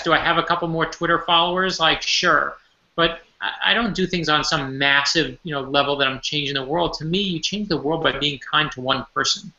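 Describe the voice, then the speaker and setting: A man's voice: a little high, sharp tone. A man, an author appearing as a guest from his home office over a remote call, telling personal stories earnestly, with stumbling restarts. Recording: echoey lo-fi remote audio.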